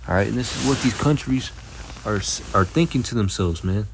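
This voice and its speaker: Husky and low-leaning with vocal fry, this Bible teacher's lesson is blunt and casual, peppered with swearing and constant "all right" and "man" in the gaps. When he reads scripture, he takes it slow and deliberate.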